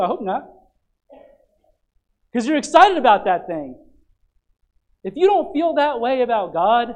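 Pastor, male, fervent sermon delivery with sudden drops to quiet asides. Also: high voice, muffled recording. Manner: exhorting, repetitive calls to get excited; dynamic, dropping to quiet asides.

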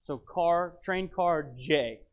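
Animated man telling a story. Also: fairly high pitch, takes it slowly, muffled recording. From United States. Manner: animated, dramatic storyteller with wry asides. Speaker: speaker telling a travel story. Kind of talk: storytelling talk.

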